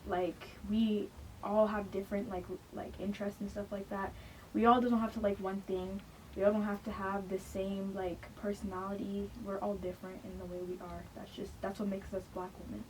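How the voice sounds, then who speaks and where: A woman's voice: medium pitch, little pitch movement, normal speed, a little mellow. Earnest teen girl saying "like" a lot. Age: teens. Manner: earnest, lots of "like". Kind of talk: casual group discussion. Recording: distant mic, faint noise.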